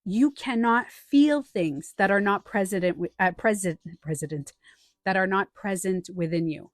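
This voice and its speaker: A woman's voice: medium pitch, normal speed, no echo, studio quality. A woman life coach and author talking on a live stream, telling stories with acted-out quotes and answering the chat. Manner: chatty, animated storytelling with acted-out quotes.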